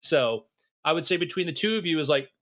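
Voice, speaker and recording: A man who writes, chatting casually on a podcast, rambling and animated, slipping into quick impressions. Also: a little high.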